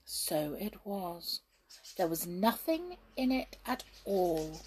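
A woman reading a children's storybook aloud, slow and expressive. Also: lowish voice, husky.

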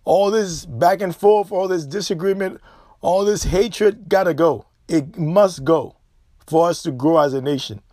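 A man's voice: fairly high pitch, a little slow, darkish tone, no room sound, clean studio sound. A man from Haiti, hosting a podcast and delivering emphatic, repetitive, preachy warnings in a sermon-like monologue. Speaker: podcast host.

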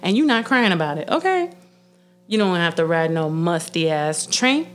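A woman's voice: lowish voice, very animated, moderate pace. A young woman chatting casually and bluntly, swearing often and laughing a lot. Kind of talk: casual profane chat.

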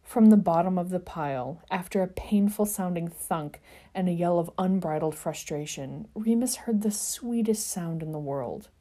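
A woman's voice: fairly low pitch, normal speed, mellow. A woman podcast host reading fan fiction aloud and chatting with wry, dry asides. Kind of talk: narrated fan fiction reading and casual chat.

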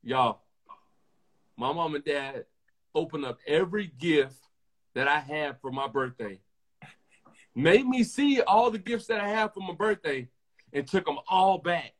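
A young man hosting a casual podcast, talking in slang and telling animated stories with lots of repeated phrases. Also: fairly high pitch, unhurried, long pauses. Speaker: podcast host.

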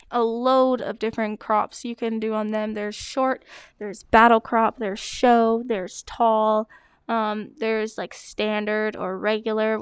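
A woman's voice: a little high, clear, resonant tone, no echo. A woman dog blogger answering common breed questions in a chatty, hesitant way, full of fillers. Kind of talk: casual Q&A vlog.

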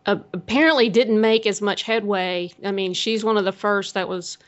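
A woman co-hosting a podcast talks in a relaxed, chatty way with a Minnesota accent. Her voice sits at an everyday middle pitch and grows lively when she quotes her own reactions. The audio is a little dull and lo-fi. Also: moderate pace. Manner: chatty, animated when quoting herself. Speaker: podcast co-host. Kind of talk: casual chat.

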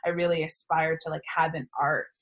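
A woman's voice: sits low, level tone, a little fast, a bit bright. A woman talking as a guest on a podcast, chatty and gushing, with lots of fillers. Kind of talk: casual podcast conversation.

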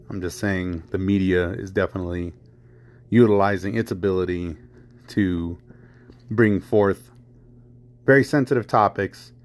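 A man hosting a podcast, talking in a heated, rambling way, repeating phrases, swearing and filling with "you know" and "I mean". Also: low-pitched. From United States. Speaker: podcast host. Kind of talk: casual chat.

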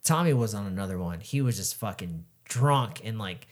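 A young man co-hosting a podcast tells rowdy stories in casual chat, in a lowish voice at normal speed. He's animated and swears freely, acting out the voices of the people he quotes.

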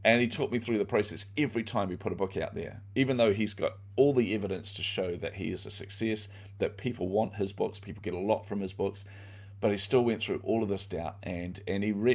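A man's voice: low voice, fast talker, darkish tone. A middle-aged man, an author guest in an interview, telling his story candidly and animatedly with plenty of fillers. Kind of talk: conversational storytelling.

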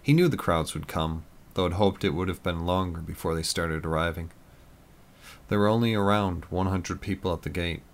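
A man narrating an audiobook in a measured, plain storytelling manner. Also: deep voice.

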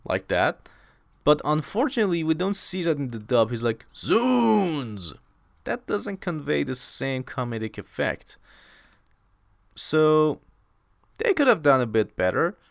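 A man's voice: fairly high pitch, big pitch swings, measured pace, gravelly, dry recording, clean studio sound. A young man hosting a casual solo podcast, talking with enthusiasm and rambling, repeating words for emphasis. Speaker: podcast host.

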